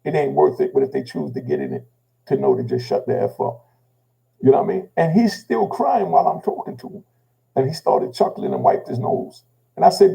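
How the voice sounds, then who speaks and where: An older Jamaican man tells his own story casually and with emotion, his gravelly voice swinging hugely in pitch at a brisk pace. He tacks "you know what I mean" onto each thought and goes low and quiet when quoting himself. The recording is rough.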